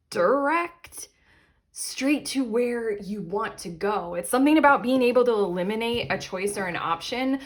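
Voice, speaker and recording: A young adult woman hosting a casual tarot reading, chatty and animated, often breaking into laughter. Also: on the high side. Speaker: tarot reader and channel host.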